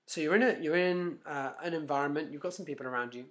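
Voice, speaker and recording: Animated man telling stories to camera. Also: a little high, quick pace. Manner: animated storyteller, frequent restarts, acts out inner voices. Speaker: self-help vlogger. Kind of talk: casual motivational talk to camera.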